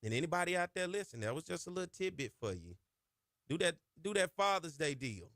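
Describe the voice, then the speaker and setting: A man hosting a sports talk radio show, chatting casually in folksy slang and getting loud and high when he hypes a point. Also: very animated, quick pace, no echo, clean studio sound. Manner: folksy Southern slang, chatty asides to his producer. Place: radio studio. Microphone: studio microphone.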